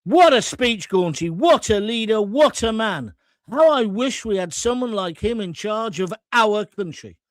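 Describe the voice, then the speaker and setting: A man's voice: sits high, no room sound. A man hosting a live stream, reading out viewer comments and answering them in a blunt, combative, joking way. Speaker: host.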